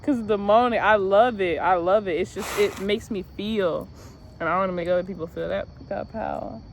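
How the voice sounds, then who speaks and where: A woman's voice: medium pitch, moderate pace, gravelly. Young woman, casual outdoor vlog, rambling, swearing, phone mic, faint traffic behind. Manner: loose, profane, laughing, musing aloud. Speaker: vlogger. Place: outdoors, seated in a parking lot.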